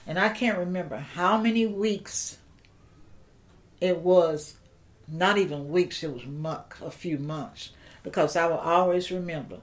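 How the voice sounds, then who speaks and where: An older woman with a lowish voice tells a personal story in an interview, speaking slowly and reflectively with halting restarts.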